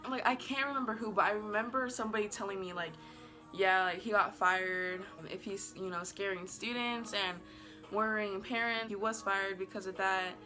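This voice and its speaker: Faint music sits behind a woman vlogger telling a casual storytime to camera at a moderate pace. Her medium-pitched voice has fairly even intonation and a pushed, bright quality, while she rambles chattily, says "like" a lot, giggles, stays bubbly, and apologizes in a playful way.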